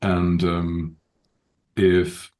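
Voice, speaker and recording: A man speaking as a podcast guest in an unscripted conversation, thoughtful and measured, with frequent pauses and restarts. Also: deep voice, little pitch movement, a little mellow. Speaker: podcast guest, open-source community director.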